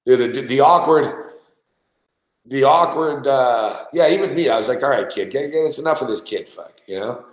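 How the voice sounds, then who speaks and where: A man's voice: mid-range voice, normal speed, roomy sound, low-quality recording. A man hosting a sports betting show, telling profane, laughing stories about guests in casual studio banter. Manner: profane, storytelling, laughs often.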